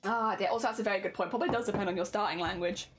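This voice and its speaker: A woman's voice: medium pitch, very fast, soft background music. A young woman, chatting casually on a live stream, reading and answering chat with frequent laughs.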